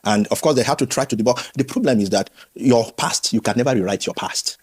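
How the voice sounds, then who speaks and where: Guy, ex pastor, talks fast and animated, kinda husky voice. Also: mid-range voice. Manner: animated storytelling, acts out quoted voices, frequent restarts. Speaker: former pastor, interview guest. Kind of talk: candid conversational interview.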